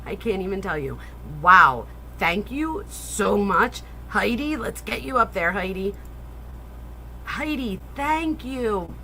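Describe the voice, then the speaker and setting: A woman in her forties hosting a casual livestream, excitable and gushing, swearing freely as she chats with viewers. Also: medium pitch, slow pace, slight background noise, rough recording. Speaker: livestream host.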